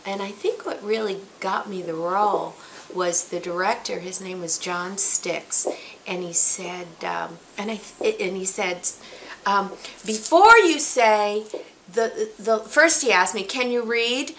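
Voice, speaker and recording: A bright, clear-toned older woman, a stage actress in her sixties, spinning a backstage story. She talks in an animated way and slips into the voices of the people she quotes. Her pitch sits in the middle for a woman, and there is a faint hum of noise behind her. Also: measured pace. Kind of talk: anecdotal storytelling.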